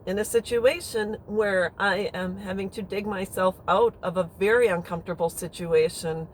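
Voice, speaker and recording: A chatty woman tells a story in a frank, rambling way, sometimes swearing. Her voice sits in a middle pitch, and a faint noise hums behind her. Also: fairly even intonation, normal speed, low-quality recording. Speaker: vlogger. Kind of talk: casual storytelling.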